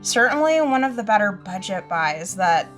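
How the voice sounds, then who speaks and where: A woman's voice: medium pitch, sing-song, normal speed, fairly bright tone, faint music behind. A woman hosting a crafting channel, chatting casually and rambling with lots of fillers and frequent giggles. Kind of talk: casual show-and-tell chat.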